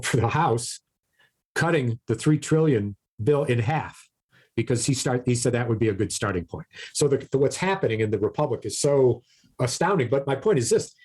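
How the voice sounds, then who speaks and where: A man's voice: mid-range voice, expressive, normal speed, a little mellow, husky. A man co-hosting a casual podcast, ranting animatedly about politics, swearing freely and often repeating his words. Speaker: podcast co-host.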